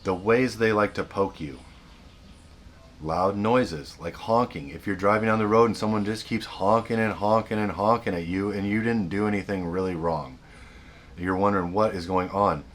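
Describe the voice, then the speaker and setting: A man's voice: on the low side, moderate pace. A man hosting a self-help video, giving earnest unscripted advice, often repeating and restarting his sentences.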